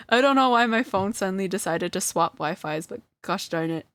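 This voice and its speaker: A woman's voice: mid-range voice, moderate pace, hardly any pauses, fairly bright tone, dry recording. A woman streamer chatting casually to her live chat, flustered and self-deprecating, often breaking into laughter. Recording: dry close sound.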